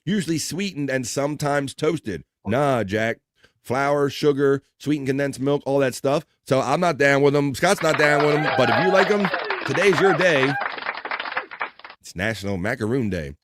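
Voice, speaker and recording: A man's voice: mid-range voice, lively intonation, normal speed, fairly bright tone. A man hosts a live stream. He chats casually, reads out viewer comments, jokes and swears now and then. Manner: rambling, joking, swears casually.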